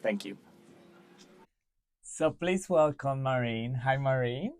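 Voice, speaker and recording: A man's voice: medium pitch, expressive, slow pace, darkish tone, clear, resonant tone, no echo. A man hosting a podcast, welcoming and upbeat, with loose phrasing. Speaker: podcast host. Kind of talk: casual interview hosting.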